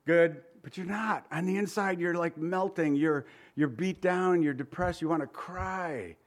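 A male pastor delivers a sermon, reading scripture in archaic language and posing casual questions to the congregation. His voice is fairly high and his delivery unhurried.

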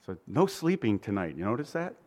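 A man's voice: on the low side, big pitch swings, a little fast, a little mellow. Man preaching with vivid storytelling. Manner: vivid storytelling, rhetorical questions. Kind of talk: sermon.

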